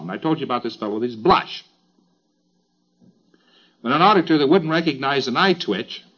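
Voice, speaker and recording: A man's voice: medium pitch, fairly bright tone. Man lecturing on dull old tape. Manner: wry, chatty, emphatic asides. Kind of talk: informal lecture.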